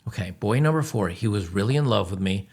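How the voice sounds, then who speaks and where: A man's voice: on the low side, expressive, a little fast, a little mellow. A man hosting a reaction commentary, scornful and lecturing, repeating his points. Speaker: commentary host.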